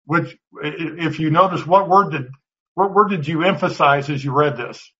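A man's voice: a little high, normal speed, sharp tone. A man teaching a Bible class in a conversational way, often restarting words and putting questions to the class. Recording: dull lo-fi recording.

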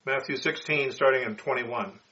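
Bright-voiced man reading scripture aloud. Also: medium pitch, moderate pace. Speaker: class member reading scripture. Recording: dull lo-fi sound.

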